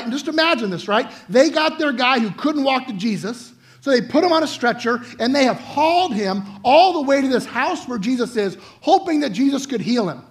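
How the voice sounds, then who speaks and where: A young man preaching a guest sermon in a chatty, animated way, often checking in with the listeners. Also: very high-pitched. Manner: animated, chatty, asks the audience "right?" often.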